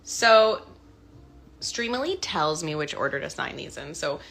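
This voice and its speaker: A woman's voice: sits low, lively intonation, measured pace, creaky, a bit bright, faint music behind. A Canadian woman in her thirties, a voice actor chatting casually with fans on a livestream while she signs prints. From Canada, part childhood in Scotland. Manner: chatty, bubbly, thinking aloud while signing. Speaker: voice actor signing autographs on a livestream.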